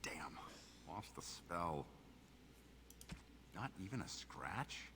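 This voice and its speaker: A man's voice: low voice, sing-song, very slow, background noise, heavily acted. An actor voicing a suave male dwarf hero in a role-playing game, giving short polite greetings and battle barks. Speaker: game character voice.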